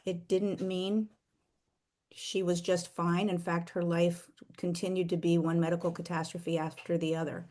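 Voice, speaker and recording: A middle-aged woman earnestly sharing a personal faith story, slowing down for emphasis. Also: on the low side, level tone, warm tone. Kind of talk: heartfelt personal testimony.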